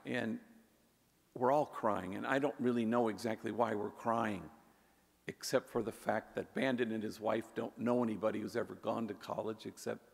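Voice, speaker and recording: A man, a priest, telling stories in a warm conversational way in a public talk, sprinkling in Spanish words. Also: medium pitch, creaky. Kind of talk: storytelling speech. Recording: echoey hall with long reverb.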